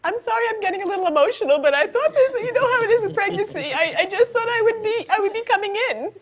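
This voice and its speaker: A woman voicing a panicky first-time mother in labor, pitched far above her own voice, wailing between laughing and crying. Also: lively intonation, fast. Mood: tearful.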